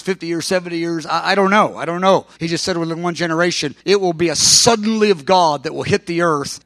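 Middle-aged male preacher, high bright voice, fervent delivery that surges loud. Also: dry recording, clean studio sound. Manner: fervent, builds to loud emphatic peaks. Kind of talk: sermon. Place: room with an audience.

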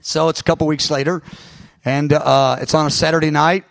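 A man preaching a sermon, retelling a dream in an animated way with many restarts and sound words. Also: fairly high pitch, a little fast, creaky, no room sound. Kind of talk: sermon storytelling.

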